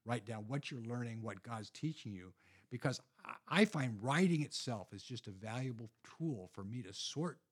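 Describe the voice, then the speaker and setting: A man with a slightly husky voice explains practical spiritual habits in a relaxed, conversational way. He repeats words and restarts often while he works through his points. His pitch sits in an ordinary middle range. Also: normal speed. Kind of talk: casual conversational teaching.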